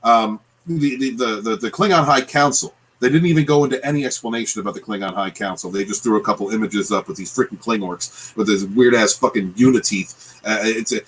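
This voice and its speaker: A man's voice: on the low side, brisk, hardly any pauses, a bit bright, a little hiss or hum, poor audio. A man in a casual podcast chat, ranting and swearing as he talks. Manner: ranting, profane. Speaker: guest, channel creator.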